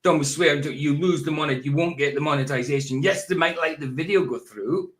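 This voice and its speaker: A man's voice: on the high side, brisk. A Scottish man hosting a casual chat, rambling and often repeating himself. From Scotland. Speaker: host. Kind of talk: casual chat reacting to a video.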